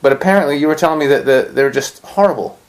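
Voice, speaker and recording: A man's voice: a little high, quick pace. A man hosting a podcast and telling a story in casual chat, swearing often and acting out what people said. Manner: profane, animated storytelling. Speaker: podcast host.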